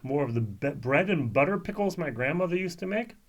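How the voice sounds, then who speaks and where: A man's voice: a little high, lively intonation, fairly quick. Man musing through a tasting. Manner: musing, frequent fillers and restarts. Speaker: whisky reviewer. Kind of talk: casual tasting review.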